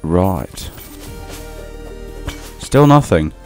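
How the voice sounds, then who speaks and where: Young male let's-player, unhurried delivery, low voice, teasing asides to enemies, faint music underneath. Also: big pitch swings, darkish tone. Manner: playful, talks to game enemies in a teasing voice. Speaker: gaming channel host. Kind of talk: casual let's play commentary.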